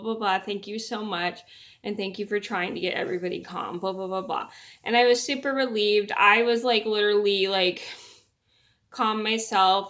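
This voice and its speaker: A woman's voice: a little high, pushed and bright. A young woman casually telling a personal story to camera, rambling and restarting her sentences. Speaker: vlogger.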